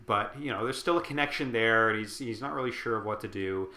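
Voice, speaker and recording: A man's voice: lowish voice, a little fast, bright, forceful tone. A tipsy man casually recapping a book, rambling with lots of fillers and swearing. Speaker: host. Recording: roomy echo.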